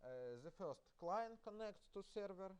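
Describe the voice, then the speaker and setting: Russian-accented man lecturing haltingly. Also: sits high, lively intonation, darkish tone, clean tone. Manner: halting, many filler sounds and restarts. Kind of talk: university lecture. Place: lecture hall.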